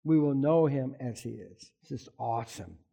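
A man preaching a sermon as pastor, animated, often asking the congregation questions. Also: mid-range voice, moderate pace, gravelly.

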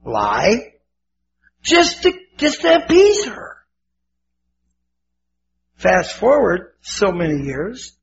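A man's voice: extremely high pitch, wildly swooping pitch, slow pace, creaky, long pauses. An older man preaching a sermon as pastor, fervent and emotional, repeating his words. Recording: dull lo-fi with faint hiss.

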